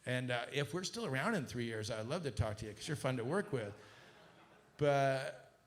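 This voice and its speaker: Animated man telling a business story. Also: moderate pace. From Southern California. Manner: animated, acts out quoted dialogue with rising pitch. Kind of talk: casual storytelling talk to an audience.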